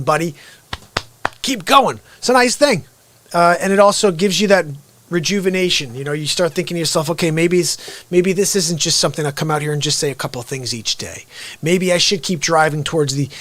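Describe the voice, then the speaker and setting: A middle-aged man talks straight into a close, dry mic while he hosts a live stream. His voice sits a little high for a man. He is energetic and bursts out loud now and then, then drops to low asides. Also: no echo. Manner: energetic, with sudden loud outbursts. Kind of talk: unscripted live-stream monologue.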